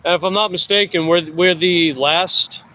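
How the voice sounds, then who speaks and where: A man's voice: high-pitched, steady tone, moderate pace, pushed and bright, rough recording. A middle-aged man with a Long Island New York accent chatting casually with viewers while out on delivery, rambling and correcting himself. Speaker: delivery rider vlogger. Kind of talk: casual chat answering live viewers.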